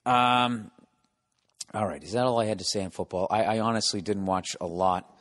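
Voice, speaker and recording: A man's voice: on the low side, moderate pace, fairly bright tone. Profane ranting middle-aged man. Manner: profane, sarcastic ranting with mocking put-on voices. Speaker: podcast host. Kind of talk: casual monologue. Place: home, construction noise below.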